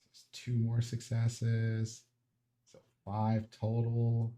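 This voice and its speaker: A man at a middle pitch runs a tabletop role-playing game as its game master. He talks through dice rolls and enemy moves in a relaxed, matter-of-fact way. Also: drawn-out words, background noise.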